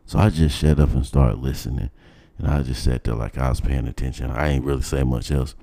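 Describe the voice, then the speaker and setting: Man with a very deep, dark voice. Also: brisk. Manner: animated, blunt, swears freely. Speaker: storyteller. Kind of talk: casual personal storytelling.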